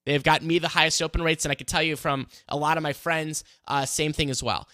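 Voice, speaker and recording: An upbeat man in his thirties talks through a relaxed mini lesson, peppering it with "right?" and "you know". His voice sits a bit high and comes across bright and forceful. The recording is dry, with no room sound. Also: quick pace, no echo. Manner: energetic, conversational, many fillers and rhetorical questions. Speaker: host teaching online marketing. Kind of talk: casual mini lesson to an audience.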